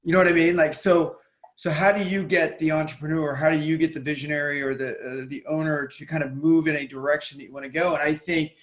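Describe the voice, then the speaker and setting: A man's voice: fairly high pitch, little pitch movement, fast. Roomy-sounding man explaining business trust. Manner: thoughtful, repeats words while building a point. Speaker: COO and guest. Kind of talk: conversational interview answers.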